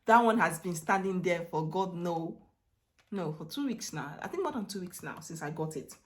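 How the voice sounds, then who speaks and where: A woman in her thirties chatting excitedly and rambling in a casual try-on haul vlog at home. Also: on the low side, normal speed. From Netherlands. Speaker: beauty vlogger. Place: home room. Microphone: camera set down, handheld mic removed.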